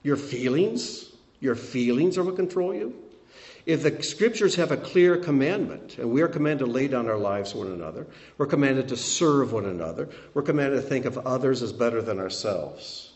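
Older man, pastor, mid-pitched voice, sermon with emphatic rises and hushed drops. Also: animated, normal speed. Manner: swings from emphatic peaks to quiet asides.

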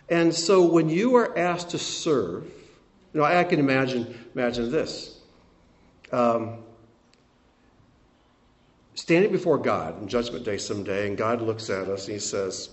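An older man preaching a sermon as pastor, swinging between emphatic peaks and quiet, soft asides. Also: mid-range voice, lively intonation, unhurried.

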